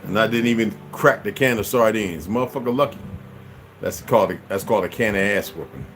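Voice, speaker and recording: Angry profane man ranting loudly. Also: brisk, faint music behind. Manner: angry, profane, swings loud and high. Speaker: channel host. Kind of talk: profane rant to camera.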